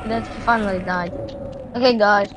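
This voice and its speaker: A woman commentating her gameplay live, excitable, swearing and shouting at enemies. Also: mid-range voice, moderate pace. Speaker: gameplay streamer. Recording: loud game noise behind voice.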